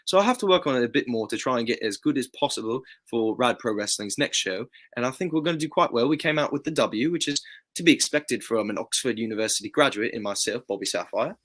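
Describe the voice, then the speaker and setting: A man's voice: medium pitch, lively intonation, quick pace, fairly bright tone. A man voicing a pompous British bartender wrestler in a put-on British accent, boastful and theatrical.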